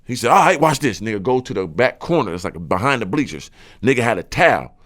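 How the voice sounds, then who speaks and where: Podcast guy talking fast and loose, cursing, acting out what people said all loud. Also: fairly low pitch. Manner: animated, acts out quotes in raised voice; slangy, profane. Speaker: podcast host. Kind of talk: casual storytelling chat.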